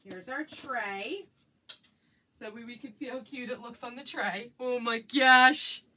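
High-voiced gushing woman crafter. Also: measured pace, a little hiss or hum. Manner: gushing and excitable. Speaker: craft vlogger. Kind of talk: casual crafting vlog chat.

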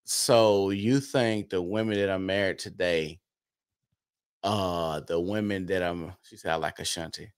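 A man hosting a casual podcast chat, asking probing questions in a low-key manner. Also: fairly even intonation, takes it slowly, clear, resonant tone. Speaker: podcast host.

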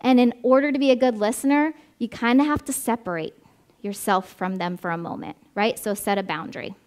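A woman's voice: fairly high pitch, fairly even intonation, brisk, darkish tone. A woman giving a conversational sermon, stressing points through repetition and often checking in with "right?", then leading a prayer. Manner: emphatic repetition; leads a closing prayer. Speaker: preacher. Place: church service.

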